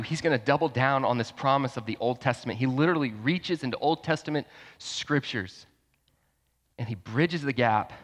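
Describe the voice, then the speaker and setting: A man's voice: medium pitch, a bit bright. A young adult man and pastor preaching a sermon in a conversational, emphatic way, firing off rhetorical questions in a church hall. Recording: long hall reverb.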